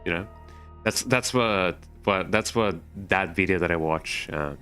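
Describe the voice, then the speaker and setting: Male game streamer, Spanish native, lowish voice, casual rambling chat, faint music bed. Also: unhurried, a bit bright. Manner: rambling, many fillers and restarts.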